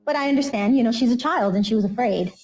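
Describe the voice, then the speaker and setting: A woman's voice: fairly high pitch, quick pace, a little mellow, soft background music, poor audio. A woman interviewed for a documentary, earnestly retelling a family story and acting out the voices of the people involved. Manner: earnest, quotes people in raised voice. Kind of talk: emotional recounting.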